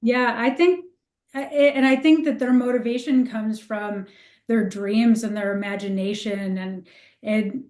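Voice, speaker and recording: Reflective woman astrologer, fairly high voice, roomy echoey sound. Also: fairly even intonation, unhurried, darkish tone. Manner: reflective, explanatory, laughs easily. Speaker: astrologer co-host. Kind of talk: casual podcast chat.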